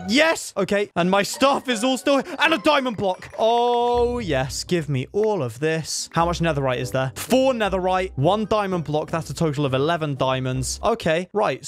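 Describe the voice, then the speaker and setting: A man giving live gameplay commentary, excitable, talking to himself and pleading with the creatures in the game. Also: fairly high pitch. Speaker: gaming video creator.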